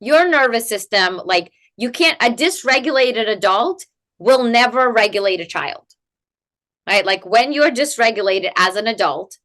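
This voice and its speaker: Bright-voiced animated woman expert. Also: fairly high pitch, unhurried. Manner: animated, rhetorical "right?" tags, many "like" fillers. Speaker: guest expert in family coaching. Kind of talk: conversational interview explanation.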